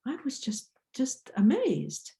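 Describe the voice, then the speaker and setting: An older woman from Iceland with an Icelandic accent, telling a personal story in a slow, deliberate way with small restarts. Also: a little high, wildly swooping pitch, vocal fry, warm tone, reverberant. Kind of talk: personal story told to an audience.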